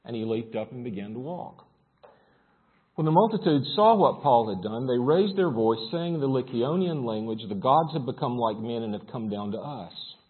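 A man's voice: medium pitch, lively intonation, normal speed, husky, phone-quality sound. A man preaching a sermon and reading scripture aloud, building force as he reads. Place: church service room.

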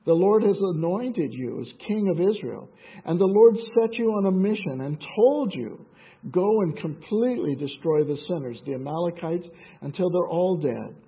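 A man reading the part of a stern old prophet who scolds a king, with a husky voice over a tinny line. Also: sits high, lively intonation, normal speed, heavily acted. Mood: rebuking. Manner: scolding, repeats commands. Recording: tinny phone-like sound.

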